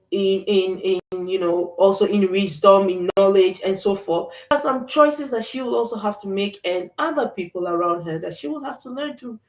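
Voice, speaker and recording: Earnest and reflective, a middle-aged woman hosts a faith-based talk, often restarting and using fillers. Her mid-range voice is a little mellow, captured off-mic and from a distance in a room with echo.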